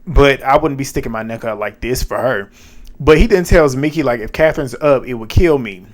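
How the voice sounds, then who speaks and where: A man giving a casual, animated recap of a reality TV episode, slangy and profane, laughing often. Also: medium pitch, a little fast.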